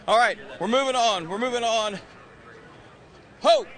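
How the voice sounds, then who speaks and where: A man's voice: very high-pitched, measured pace. Breathless, joking older man on the grid. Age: 60s. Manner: joking, teasing, shouts greetings. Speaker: pit reporter. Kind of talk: live grid-walk interviews. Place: outdoors on a racetrack grid.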